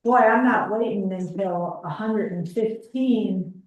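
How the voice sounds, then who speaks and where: A woman's voice: medium pitch, slow, darkish tone. A woman on a town board, speaking hesitantly and searching for her words during a meeting. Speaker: board member. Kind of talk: public meeting discussion. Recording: echoey room, mic far off.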